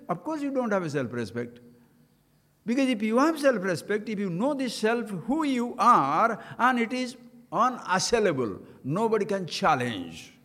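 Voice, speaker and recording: A man's voice: sits high, sing-song, normal speed, fairly bright tone. A man with an Indian English accent giving a spiritual discourse, acting out quoted voices and chanting scripture. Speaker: spiritual teacher. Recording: long hall reverb.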